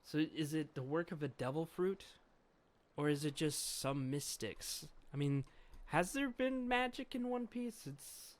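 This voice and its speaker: A man reviewing a comic chapter in casual commentary, thinking aloud and chuckling often as he reads along. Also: medium pitch.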